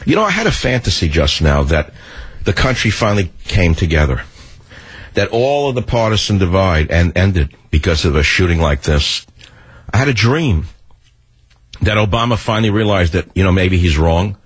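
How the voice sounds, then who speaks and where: Husky-voiced ranting talk radio man. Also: sits low, sing-song, normal speed. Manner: combative, ranting, sarcastic. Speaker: radio talk show host.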